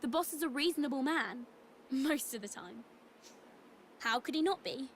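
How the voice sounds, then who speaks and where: A woman's voice: sits high, expressive, normal speed, a little hiss or hum. An actress voicing a commanding young female sky pirate who scolds her crew, in video game dialogue. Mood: breezy. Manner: bossy, scolding.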